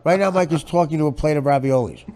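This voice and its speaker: Sarcastic guy roasting his guest on a podcast, kinda raspy fry in the voice, studio mic. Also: fairly high pitch, fast, warm tone. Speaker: podcast host. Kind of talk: comedic podcast banter.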